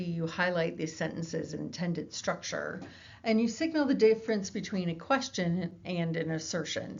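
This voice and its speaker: A woman's voice: lowish voice, gravelly, dull audio. A woman lecturer explaining course material in a recorded lecture, with frequent fillers and self-corrections. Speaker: psychology lecturer.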